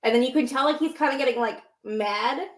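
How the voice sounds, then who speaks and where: A woman with a slightly high voice co-hosts a casual chat, recounting scenes with animated excitement. Her voice carries a noticeable roomy echo. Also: a little fast. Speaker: podcast co-host.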